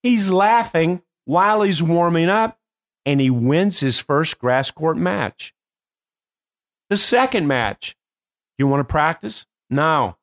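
An older man hosting a show as a coach, telling stories in a casual, animated way with bursts of laughter. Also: on the high side, slow. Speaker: host and performance coach. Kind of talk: casual storytelling.

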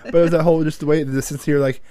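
A man's voice: on the high side, steady tone, racing, warm tone, dry recording, studio quality. A man in casual chat, a father telling family stories and acting out what his kids said. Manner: storytelling, quoting family members. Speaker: podcast co-host, father.

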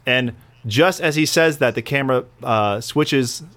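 Excitable, chatty male interview guest. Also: mid-range voice, measured pace. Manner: excitable, chatty, playfully teasing. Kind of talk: casual interview chat. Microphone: handheld recorder mic, remote call.

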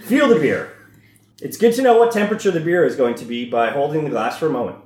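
A man's voice: fairly high pitch, animated, quick pace, darkish tone, roomy sound. A Canadian man hosting a casual podcast, reading a beer-tasting guide aloud between jokes. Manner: reads the guide aloud, interrupted by laughter. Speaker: podcast host.

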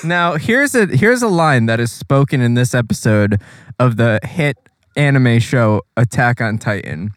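A man's voice: medium pitch, lively intonation, a little slow, clean tone, no echo. Podcast co-host, male, casual profane recap, dry close car sound. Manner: profane, laughing, acts out quotes. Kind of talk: casual anime recap chat.

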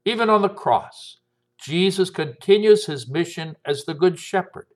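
A man, an American priest, reads a gospel passage and then preaches on it. His voice sits a little high and moves animatedly through wide rises and falls. He lifts his tone for the quoted lines. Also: a little slow. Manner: expressive reading, lifting his voice for quoted speech. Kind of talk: gospel reading and homily.

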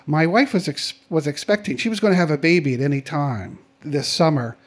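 A middle-aged man telling a personal story to an audience in a conversational, animated way, acting out the voices of the people in it. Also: on the high side, a little fast.

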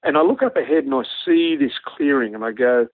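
A man with an Australian accent, a former army pilot, telling a lively anecdote and acting out the dialogue. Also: medium pitch, brisk, no room sound. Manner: animated yarn-spinning, acts out quoted dialogue. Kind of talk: storytelling anecdote on radio. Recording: narrow phone-like radio line, dry.

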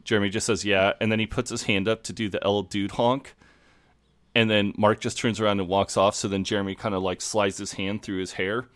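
A man's voice: on the low side, flat delivery, fairly quick, no echo. A man co-hosting a podcast, casually recapping a TV episode, laughing often, swearing and acting out the characters' lines. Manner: laughing, swearing storyteller who acts out quotes. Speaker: podcast co-host.

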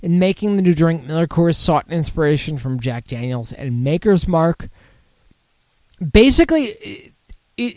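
A drunk man hosts a casual beer show, his voice a touch high and his delivery slow and drawn out. He rambles, swears and keeps losing his place. The sound is close and dry, with no room around it. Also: a little mellow, no echo. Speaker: podcast host.

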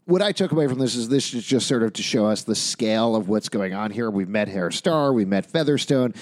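A man hosting a casual podcast chat who recaps a TV episode, jokes around and runs through plot points in quick lists. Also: fairly low pitch, lively intonation.

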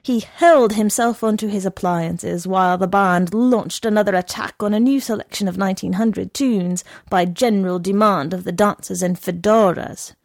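A woman narrating a novel aloud in a measured, even manner. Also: mid-range voice, dry recording, clean studio sound. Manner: measured, unhurried reading.

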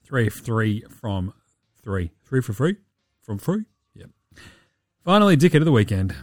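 A man with an Australian accent hosting a sports podcast, talking casually, profane and animated, often laughing. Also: medium pitch, a little slow, faint music behind. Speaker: podcast host. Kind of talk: sweary casual sports talk.

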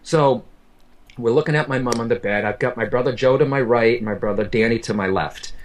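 Speaking a little fast at a medium pitch, this medium shares a heartfelt story from his own life. He repeats himself earnestly and keeps addressing the host by name.

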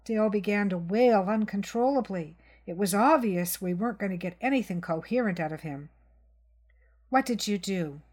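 A woman reading a crime short story aloud in a measured narration. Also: mid-range voice, darkish tone. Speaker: reader.

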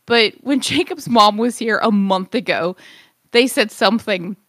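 Bright, giggly woman in casual chat. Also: mid-range voice, unhurried, no echo, clean studio sound. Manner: giggly, chatty, lots of "like" fillers. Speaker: podcast co-host.

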